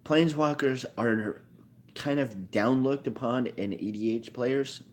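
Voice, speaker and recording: A man's voice: medium pitch, unhurried, a little hiss or hum. A man talking casually about a card game in a rambling monologue, often correcting himself as he thinks aloud. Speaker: card game video maker.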